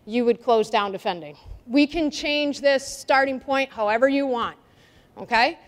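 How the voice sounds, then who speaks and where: During a coaching clinic demonstration, a woman soccer coach with a high, energetic voice runs players through a defending drill, calling instructions and asking questions. She speaks at normal speed, and the long reverb of an indoor gym rings around her.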